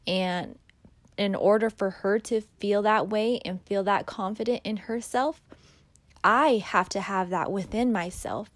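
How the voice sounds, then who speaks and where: Young woman host, candid and profane, unhurried casual monologue, dry close sound. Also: mid-range voice, no echo. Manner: candid, swears freely. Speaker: podcast host.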